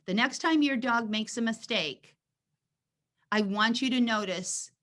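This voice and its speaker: A woman dog trainer teaches a Q&A session over a video call. She is animated and keeps acting out short exchanges between dog and owner. She often restarts her sentences as she goes. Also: fairly high pitch, a little slow. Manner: animated, acts out dialogue, frequent restarts.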